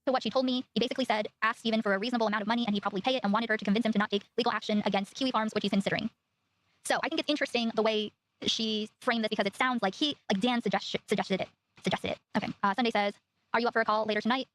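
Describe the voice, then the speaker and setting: Fast-talking woman reading out messages. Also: on the high side, fairly even intonation, rough recording. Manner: reads messages aloud, self-corrects.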